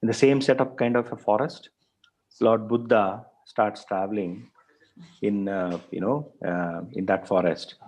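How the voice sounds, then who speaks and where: A man's voice: on the low side, fairly even intonation, a little slow, darkish tone, rough recording. A male professor telling a story in a lecture, with many fillers and repeated words. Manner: frequent fillers, repeats words, thinks aloud.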